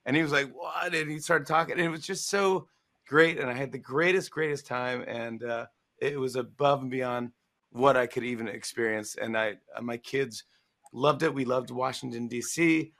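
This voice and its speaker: Gravelly man telling a lively anecdote. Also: mid-range voice, moderate pace. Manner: animated storyteller, acts out quoted voices. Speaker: talk show guest, author. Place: promotional livestream interview.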